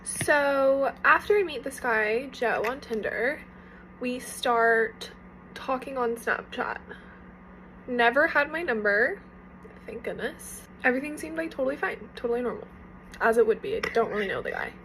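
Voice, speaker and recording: A young woman with a fairly high voice tells a story while getting ready. She talks in a chatty, casual way, and faint noise hangs in the background. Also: animated, measured pace, a bit bright, low-quality recording. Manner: chatty, casual, lots of fillers.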